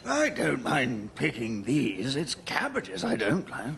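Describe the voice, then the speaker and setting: Weary grumbling veg-picker, gravelly and lively-pitched, a man doing the voice. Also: takes it slowly, a little hiss or hum, full character voice. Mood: groaning. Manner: groaning, weary complaints. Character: grumbling male MP picking vegetables.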